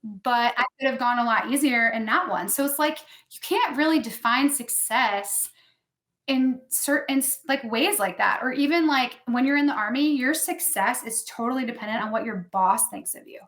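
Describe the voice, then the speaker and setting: A woman in her thirties talks as a guest on a casual podcast, candid and chatty, her voice a little higher than most. The room around her is echoey. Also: normal speed, a bit bright. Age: 30s. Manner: candid storytelling, heavy use of "like".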